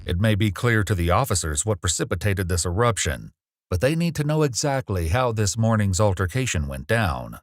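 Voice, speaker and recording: A man with a lowish voice narrates a documentary in a calm, measured, scripted way. The studio voice-over is dry and close. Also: no room sound.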